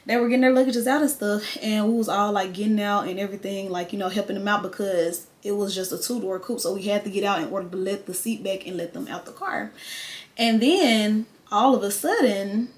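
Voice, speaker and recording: A woman's voice: medium pitch, fairly quick. A young woman, casually telling a storytime tale to her viewers with quoted voices. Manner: chatty, animated retelling with quoted voices. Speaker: vlogger.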